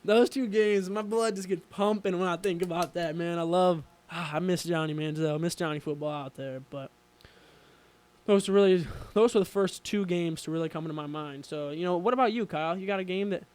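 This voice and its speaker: A young man co-hosting a radio show, telling sports stories in an excitable, rambling way full of fillers. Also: high-pitched, brisk, clean tone. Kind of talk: casual sports chat.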